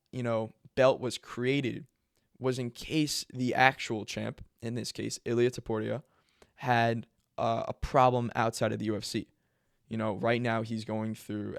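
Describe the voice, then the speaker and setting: A man's voice: medium pitch, gravelly, no echo. Rambling casual male explainer, dry sound. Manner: rambling, self-correcting, filler-heavy. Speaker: MMA video host.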